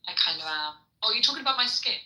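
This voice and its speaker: A woman's voice: medium pitch, animated, racing, sharp tone. A young English woman in casual, argumentative podcast banter, swearing freely. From England. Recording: echoey room.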